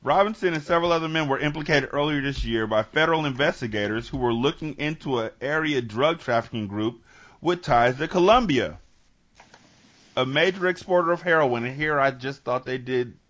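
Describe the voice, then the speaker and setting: A man with a bright, lively voice reads a news story aloud for a chat podcast and cracks jokes as he goes. The recording is dull and lo-fi. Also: mid-range voice, moderate pace. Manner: jokey asides between news passages. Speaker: podcast host.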